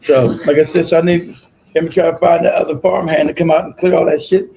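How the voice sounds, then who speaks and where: Laid-back man host, swearing and laughing through reactions, mellow slightly high voice. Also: flat delivery, quick pace, creaky, a little hiss or hum, low-quality recording. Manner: loose, laughing, swearing, talks over clips. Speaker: stream host reacting to clips. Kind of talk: casual profane commentary.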